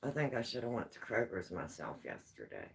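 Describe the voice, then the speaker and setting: A woman's voice: rumbling low, wildly swooping pitch, fairly quick, vocal fry, low-quality recording. A woman vlogger chatting at home, telling homespun stories in a rambling, easygoing way. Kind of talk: casual storytelling chat.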